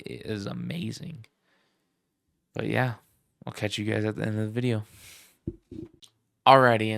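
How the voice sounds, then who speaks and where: A man hosting a casual comic book review, talking excitedly with slang and swearing. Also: lowish voice, gravelly, clear, resonant tone, no echo, studio quality. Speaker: comic book channel host.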